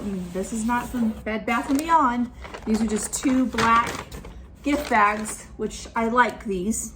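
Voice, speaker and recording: Woman vlogger, snarky, fed up, fairly high voice, background noise. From California. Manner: annoyed, snarky commentary. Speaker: vlogger unboxing a returns box. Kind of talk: casual unboxing vlog.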